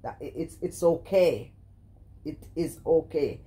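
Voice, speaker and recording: A middle-aged Jamaican woman talks in a low, mellow voice, running casual commentary. She scolds with animation, repeating her points and breaking into exclamations. Her patois flows loose and conversational. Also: slow pace. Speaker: vlogger commenting on another streamer.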